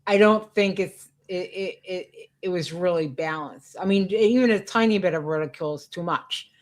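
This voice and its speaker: A woman's voice: fairly low pitch, moderate pace, poor audio. A woman hosting a radio conversation, speaking earnestly and often trailing off and restarting. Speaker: radio show host. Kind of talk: conversational interview talk.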